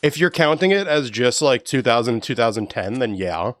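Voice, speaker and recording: A man's voice: medium pitch, sing-song, moderate pace, a bit bright, no room sound, clean studio sound. A young man chatting casually on a live stream while walking, slangy and joking as he rambles. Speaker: livestreamer.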